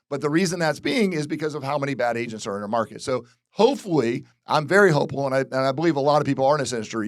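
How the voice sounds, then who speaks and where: Plainspoken Florida real estate broker. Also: male voice, a little high, dry recording, studio quality. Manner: candid, repeats phrases, frequent restarts. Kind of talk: casual commentary. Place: real estate office video.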